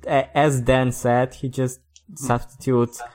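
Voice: mid-range voice, flat delivery, darkish tone. A podcast co-host in a casual discussion who laughs easily. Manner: giggly, quick to laugh.

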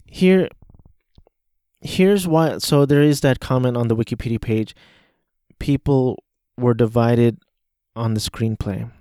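A man's voice: medium pitch, slow, dark tone, clear, resonant tone, dry recording, studio quality. A man hosting a casual solo podcast, talking through a movie he watched, rambling and hesitant with many restarts. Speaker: podcast host.

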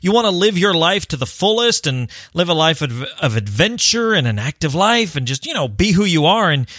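Podcast host, male, higher-pitched voice, upbeat and encouraging, dry close-miked sound. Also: sing-song, normal speed, a bit bright, dry recording. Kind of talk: casual solo podcast talk.

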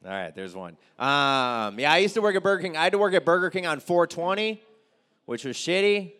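A man's voice: fairly high pitch, lively intonation, brisk, bright, forceful tone. Young male stand-up comic, crude, rambling, crowd banter. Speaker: stand-up comedian. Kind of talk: stand-up set with crowd work.

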